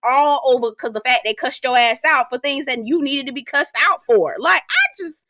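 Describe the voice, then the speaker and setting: A woman's voice: high-pitched, expressive, moderate pace, pushed and bright, no echo, studio quality. A woman recapping a reality show in casual commentary, sassy and profane, mimicking the cast and laughing often.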